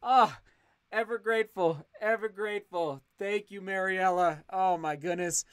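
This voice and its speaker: High-pitched man, smooth clear voice, dry close sound, excitable and effusive, casual livestream chat. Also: a little slow, dry recording. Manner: excitable, effusive thanks, frequent restarts. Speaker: channel host reading live chat.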